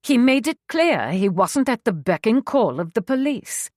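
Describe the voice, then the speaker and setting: A woman's voice: on the high side, very animated, normal speed, a little mellow, no echo, clean studio sound, voice pushed up. A woman voicing an officious older secretary from London, prim and lecturing, with a London accent.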